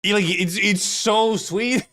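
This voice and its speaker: A man's voice: sits high, steady tone, takes it slowly, pushed and bright, soft background music. A man from Finland, streaming and chatting casually, rambling, laughing often and swearing freely. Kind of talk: casual livestream commentary.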